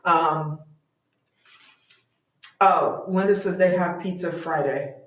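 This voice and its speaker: A woman's voice: fairly low pitch, slow pace. A woman co-hosting a painting show, casually chatting and reading viewer comments aloud. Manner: relaxed, reads comments aloud, giggles. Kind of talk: casual chat. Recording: echoey room.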